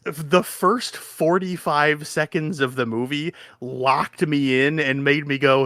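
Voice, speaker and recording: A man in his thirties co-hosting a podcast, chatting casually and excitedly, swearing often and acting out his own reactions. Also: on the high side, slow pace, few pauses, no echo, studio quality. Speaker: podcast co-host. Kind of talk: casual chat.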